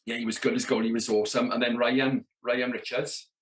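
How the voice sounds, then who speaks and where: There's slight background noise as a man with a medium-pitched, barely moving voice speaks briskly. A rock drummer in his thirties from Merthyr Tydfil, South Wales, he tells tour stories on a podcast, voicing the dialogue and peppering in "you know what I mean."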